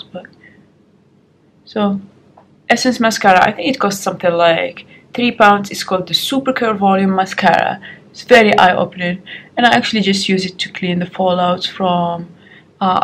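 A woman's voice: mid-range voice, slight background noise. Frank, chatty woman vlogging at home. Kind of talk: get-ready-with-me advice vlog. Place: home, doing makeup in front of the camera. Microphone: compact camera's built-in mic.

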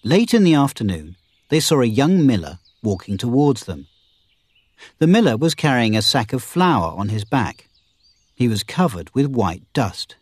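Husky man narrating a storybook. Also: on the low side, normal speed, no room sound. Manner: expressive storytelling. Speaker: audiobook narrator. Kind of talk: scripted narration.

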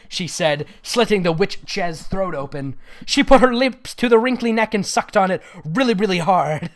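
A man reads a bad fan fiction aloud for laughs, his delivery lively and sing-song. He keeps slipping into giggles between lines. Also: sits high, moderate pace, hardly any pauses. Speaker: fanfic reader. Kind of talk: comedic reading with friends.

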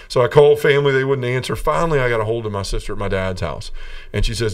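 A middle-aged man, a podcast guest, telling his personal testimony in an earnest way, often restarting his sentences and going quiet when he quotes others. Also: medium pitch, fairly even intonation, fast, smooth, distant mic.

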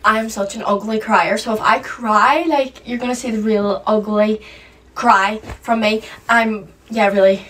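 A woman's voice: medium pitch, fairly even intonation, measured pace, fairly bright tone, distant mic, slight background noise. A young woman hosting a casual reaction video from a room at home, chatty and emotional as she gushes over what she watches. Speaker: reaction channel host. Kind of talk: casual reaction vlog chat. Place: room at home with skylight window.

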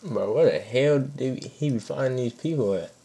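A man hosting a reaction video, reacting with excited, joking, profane comments. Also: medium pitch, normal speed, gravelly, slightly rough.

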